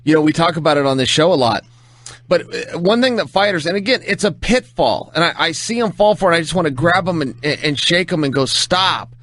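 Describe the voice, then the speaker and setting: A man's voice: fairly high pitch, expressive, quick pace, a bit bright, dry recording. A man co-hosting a podcast, talking in an earnest, explanatory way with rising emphasis. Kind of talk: casual podcast chat.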